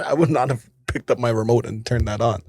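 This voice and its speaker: A young man co-hosting a casual podcast, slangy and animated, with loud outbursts and laughter. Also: medium pitch, brisk, slightly rough, dry recording, clean studio sound. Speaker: podcast co-host. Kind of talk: casual chat.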